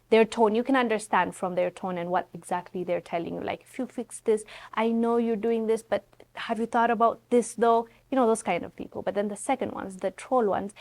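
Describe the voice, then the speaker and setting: A woman from Ethiopia with an Ethiopian accent, whose first language is Amharic, speaking earnestly and outspokenly as a guest in a conversational interview. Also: medium pitch. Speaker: guest, Pan-African content creator.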